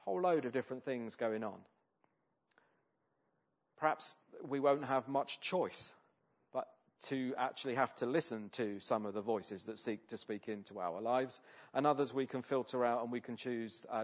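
A man delivers a sermon at an ordinary pitch, earnest and conversational, leaning on tag questions to draw his listeners in. The recording is a little dull and lo-fi. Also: moderate pace. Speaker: preacher.

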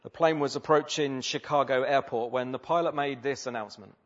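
A man delivers a sermon in a relaxed, conversational manner, often pausing on fillers and asking his listeners rhetorical questions. His voice sits in an ordinary middle pitch. The recording sounds slightly dull and lo-fi. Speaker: preacher.

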